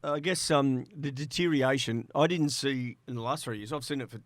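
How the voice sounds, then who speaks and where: Middle-aged Australian man, podcast guest, anecdotal storyteller, close and dry sound, mid pitch. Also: fairly quick, no room sound. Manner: chatty storyteller, acts out quoted dialogue, laughs between lines. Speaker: interview guest, former player agent. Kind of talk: casual podcast interview.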